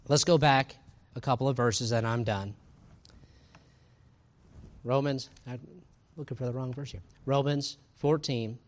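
A man, preaching a sermon in a conversational, animated way, full of asides and rhetorical questions. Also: mid-range voice, unhurried, long pauses. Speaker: pastor.

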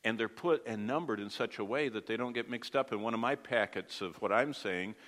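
Low-voiced man teaching Bible class. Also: fairly quick, fairly bright tone, big-room sound. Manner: explains with everyday comparisons, asks the class questions. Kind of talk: Bible study lesson.

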